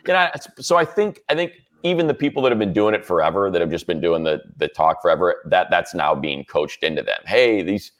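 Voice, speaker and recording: A man, a sports broadcaster, chatting as a guest and telling animated stories. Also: deep voice, fast talker, hardly any pauses. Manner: animated storyteller, does voices. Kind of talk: casual chat on a radio podcast.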